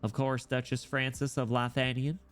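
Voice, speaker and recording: A man voicing a calm, formal church legate who lays down the rule of law in measured tones. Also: mid-range voice, clean tone, soft background music, natural voice. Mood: stern.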